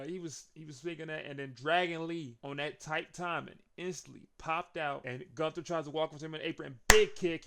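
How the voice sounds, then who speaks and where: A young man with a slightly higher voice and a gravelly, fry-heavy edge talks through a wrestling show in loose, casual chat. He chuckles often and his voice climbs with excitement as the action heats up. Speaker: wrestling recap host.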